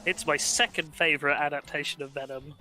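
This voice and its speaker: High-voiced, ranting sarcastic man. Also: steady tone, a little fast, pushed and bright, faint music behind, low-quality recording. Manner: ranting and sarcastic, swears freely. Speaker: co-host. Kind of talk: casual gaming chat.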